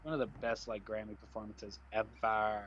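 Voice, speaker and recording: A man's voice: fairly low pitch, level tone, normal speed, a bit bright. Young guy rambling on a stream, has opinions on everything, kinda dull lo-fi mic with a bit of hiss. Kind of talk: casual chat.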